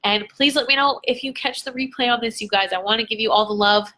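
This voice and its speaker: Bubbly young woman coach, bright voice. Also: a little high, fast. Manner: bubbly and gushing, chatty. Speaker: business coach. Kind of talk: casual livestream talk to followers.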